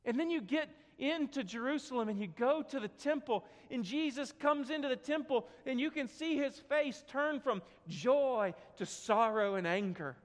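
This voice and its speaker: A man preaching a sermon, telling a story with dramatic swings from quiet to loud, in a church sanctuary. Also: extremely high pitch, normal speed, hardly any pauses. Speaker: pastor. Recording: long hall reverb.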